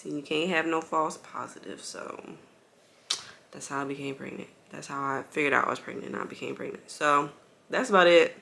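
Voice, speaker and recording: A woman's voice: low voice, fairly even intonation, a little fast, creaky, fairly bright tone. A young woman telling her story to viewers in a chatty, casual way, full of "like" fillers and calling them y'all, while bouncing on an exercise ball at home with a baby. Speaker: vlogger.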